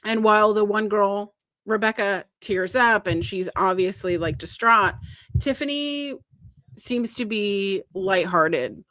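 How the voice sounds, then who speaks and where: A woman co-hosting a casual podcast, retelling a story with lively emphasis and the odd swear word. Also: mid-range voice, slow pace, dry recording, studio quality. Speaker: podcast co-host. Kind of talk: casual chat.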